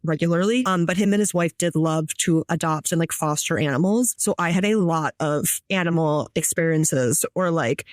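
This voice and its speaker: A woman in her thirties co-hosting a podcast, chatting lively and quickly acting out what others said. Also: on the low side, no room sound, clean studio sound. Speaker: podcast co-host. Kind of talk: casual conversational storytelling.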